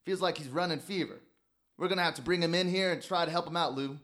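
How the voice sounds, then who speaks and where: A man playing a gruff, grumbling country veterinarian in a radio drama. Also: fairly high pitch, fast, a bit bright, close to an everyday voice. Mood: urgent.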